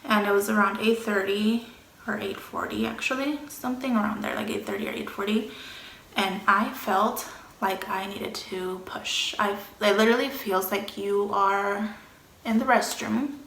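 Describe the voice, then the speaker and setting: A young woman speaks with a bright, clear voice as she tells a personal story to the camera. She talks casually and acts out what people said, sometimes dropping to a whisper. The room echoes a lot. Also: mid-range voice, normal speed, a little hiss or hum. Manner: animated, acts out quotes, drops to whispers. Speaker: vlogger.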